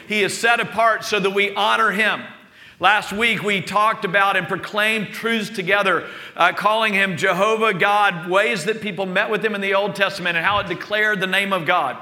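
High, bright-voiced pastor in a reverberant hall. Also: male voice. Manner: slow, earnest prayer with softer intimate passages. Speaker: pastor leading prayer. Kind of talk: sermon and congregational prayer. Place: church sanctuary with long reverb.

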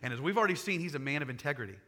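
A man preaching a sermon, retelling a scripture story in casual, animated paraphrase and acting out the characters. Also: on the high side, racing. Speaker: pastor.

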